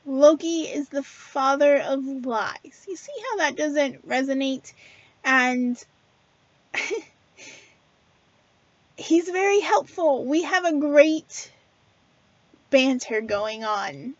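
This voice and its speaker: A woman with a high, light voice talks casually and earnestly to her viewers, with plenty of ums and restarts. The sound is dry and a little dull, with no room echo. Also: animated, takes it slowly, pauses often. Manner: chatty and earnest, many fillers and restarts. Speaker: spiritual video host. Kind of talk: casual spiritual talk to camera.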